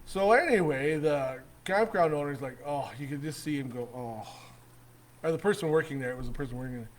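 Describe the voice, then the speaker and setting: A man from Canada tells a story in a casual, rambling way, often stopping to restart his sentences and breaking into chuckles. His voice sits a touch higher than most men's, and he sounds middle-aged and animated. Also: quick pace, a little hiss or hum. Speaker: host.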